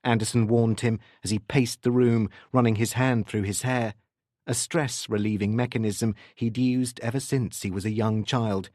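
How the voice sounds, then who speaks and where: A man reading a crime thriller audiobook in a steady, expressive narration on a close studio mic. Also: on the low side, normal speed, no room sound.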